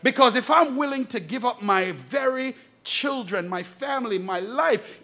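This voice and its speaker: A man's voice: very high voice, animated, measured pace, hardly any pauses, sharp tone. A male pastor preaching a fervent sermon from the pulpit, calling out to his congregation. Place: church pulpit.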